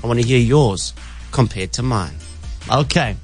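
A man's voice: mid-range voice, normal speed, faint music behind. A South African man hosting morning radio, bantering in a playful, jokey way. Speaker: radio host. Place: radio studio.

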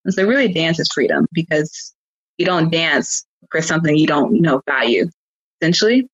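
A woman speaks earnestly and from the heart as a guest in a relaxed chat. Her voice comes through a slightly dull, muffled recording with a dry, close sound. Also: low voice, moderate pace, no room sound. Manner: earnest, heartfelt, laughs easily. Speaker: guest, praise dancer. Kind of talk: casual conversation.

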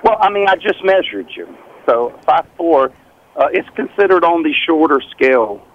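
A man's voice: on the high side, very animated, moderate pace, muffled recording. Teasing man running a prank. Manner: playful, teasing, laughs often. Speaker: radio prank host. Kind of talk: phone prank bit.

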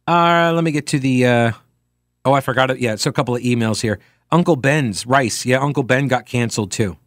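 A man's voice: mid-range voice, brisk, no room sound, studio quality. Sarcastic man hosting talk radio. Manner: sarcastic, deadpan asides. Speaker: radio talk show host. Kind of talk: casual talk radio, reading listener emails.

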